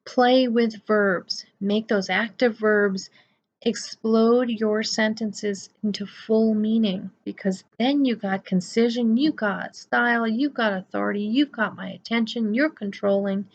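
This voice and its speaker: A woman's voice: a little high, a little slow, dull audio. A woman giving a chatty, emphatic lecture as a college writing instructor, with playful asides. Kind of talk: recorded lecture.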